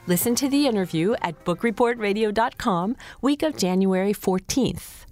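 A woman's voice: mid-range voice, moderate pace, darkish tone, faint music behind. A woman hosting a book radio show, presenting in a chatty, scripted way that speaks straight to her listeners.

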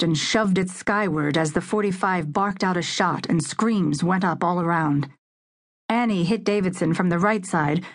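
Low-voiced woman narrating a thriller. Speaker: audiobook narrator. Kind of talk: scripted dramatic narration.

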